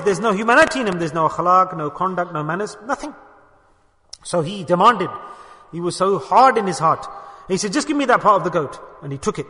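High, bright-voiced preacher in an echoing hall. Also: male voice. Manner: impassioned, urging listeners with rhetorical questions. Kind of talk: sermon. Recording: reverberant hall.

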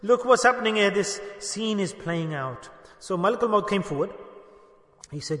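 A man with a very high, bright voice delivers an impassioned sermon. He drops to a hush and then climbs back up, and at times he races through chanted verses. His voice rings through a roomy hall with a long reverb tail. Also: expressive. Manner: impassioned, swings between hushed and raised delivery; recites Quranic verses in rapid chant. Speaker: preacher.

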